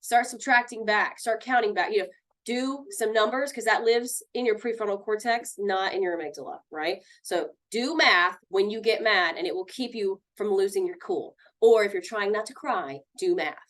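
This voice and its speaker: A woman leads a mindfulness class in a lively, conversational way. Her pitch moves freely as she explains, and she often slips into little acted-out quotes of friends. Her voice sits at an ordinary middle pitch. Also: normal speed. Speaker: teacher.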